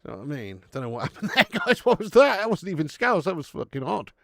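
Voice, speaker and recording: A man's voice: a little high, sing-song, fast talker, creaky, fairly bright tone, no echo, clean studio sound. A man hosting a live football watch-along, chatting casually, laughing often and swearing freely as he reads out viewers' messages. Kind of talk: casual live stream chat.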